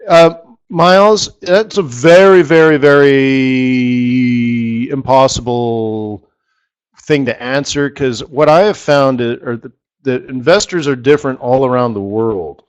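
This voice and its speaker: A man's voice: medium pitch, a little slow, clean tone. A middle-aged man hosting a live forex strategy session, rambling and repeating words for emphasis. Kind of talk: live trading webinar talk.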